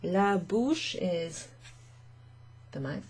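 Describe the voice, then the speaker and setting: A woman's voice: fairly low pitch, big pitch swings, extremely slow, a little mellow, husky. A woman teaching French vocabulary to learners, chatty and thinking aloud with fillers and frequent little laughs.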